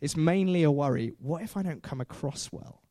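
A man's voice: fairly high pitch, lively intonation, normal speed, warm tone, no echo, clean studio sound. A man preaching a sermon in a chatty way, with self-deprecating jokes and frequent fillers.

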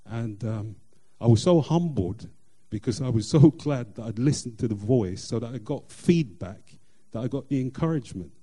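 A middle-aged man, sharing a personal faith testimony in an earnest, halting way with many fillers and restarts. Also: mid-range voice, animated, warm tone, breathy edge. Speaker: church member sharing testimony.

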